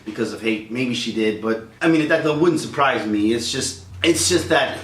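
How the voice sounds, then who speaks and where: A middle-aged man ranting on his vlog, heated and animated, slipping in and out of mocking voices. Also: medium pitch, moderate pace. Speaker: vlogger. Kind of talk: angry rant. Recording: roomy echo, distant mic, faint noise.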